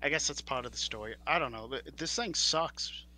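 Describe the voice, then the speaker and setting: A man's voice: medium pitch, a little fast, pushed and bright, slight background noise. A young man co-hosting a casual podcast, ranting in exasperation and stammering when worked up. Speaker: podcast co-host.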